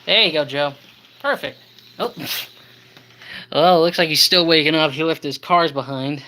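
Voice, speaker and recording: A tired model railroad host chatting casually on a live stream, halting with many fillers and talking to the toy trains. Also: medium pitch, pushed and bright, a little hiss or hum, rough recording.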